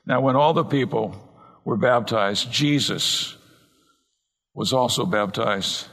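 A man preaching an earnest expository sermon from the pulpit, slowing down and speeding up to stress points. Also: medium pitch, a bit bright. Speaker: pastor. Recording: long reverb in a large hall.

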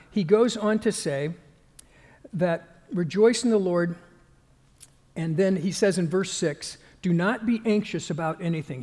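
A male pastor giving a conversational sermon, halting with fillers and restarts and growing more emphatic as he goes. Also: sits high, darkish tone, long reverb tail.

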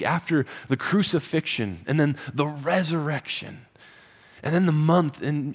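A man preaching a conversational sermon as pastor, rising in pitch and volume for emphasis. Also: slightly rough.

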